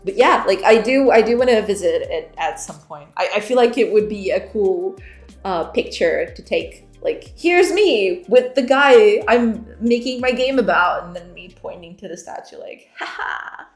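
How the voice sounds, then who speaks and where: A woman's voice: mid-range voice, expressive, moderate pace. A woman, a game developer streamer, chatting casually with viewers, giggling often and reading chat aloud. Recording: roomy echo with faint background music.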